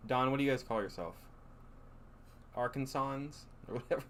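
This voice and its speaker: A man's voice: medium pitch, moderate pace, a bit bright. A man co-hosting a casual live stream from home, chatty and teasing. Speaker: co-host.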